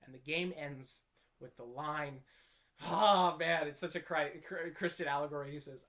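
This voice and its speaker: A man's voice: on the high side, fairly even intonation, normal speed, fairly bright tone. A man telling a personal story to camera in an earnest, impassioned way, often restarting his sentences. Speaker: Christian video creator.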